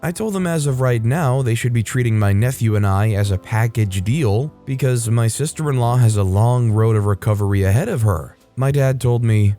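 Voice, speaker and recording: A man hosting a story channel, reading online posts aloud and adding his own quick, sarcastic commentary. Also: mid-range voice, warm tone, soft background music. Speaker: narrator and host of a story channel.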